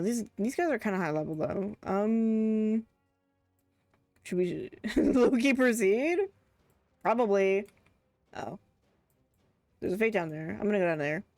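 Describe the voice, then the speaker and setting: Streaming a game, a woman chats casually in a mid-range, darkish voice on a dry recording. She rambles, laughs often, and trails off mid-thought.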